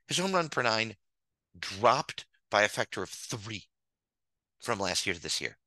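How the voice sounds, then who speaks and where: A man's voice: lowish voice, very animated, unhurried, bright, forceful tone, no room sound, rough recording. A man hosting a show, ranting with theatrical mock anger over slides and repeating his points for emphasis. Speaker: host.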